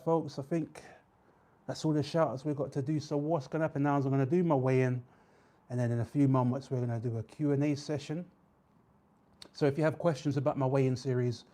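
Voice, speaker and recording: Man, livestream host, casual chat, mellow tone, drawn-out shout-outs. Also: mid-range voice. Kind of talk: live-stream chat with viewers.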